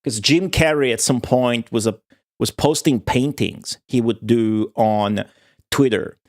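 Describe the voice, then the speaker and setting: A young man with a voice of ordinary middle pitch talks casually to his stream viewers. He rambles, swears freely and laughs his way through a long story. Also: unhurried.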